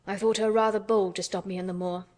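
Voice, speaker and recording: A sad, worn-out gentleman from a storybook reading, speaking slowly and low in a subdued, tired way, as a woman narrator puts him on. He sounds distracted and heavy-hearted. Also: fairly even intonation, close to an everyday voice. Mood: weary. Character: weary, grieving middle-aged gentleman guardian.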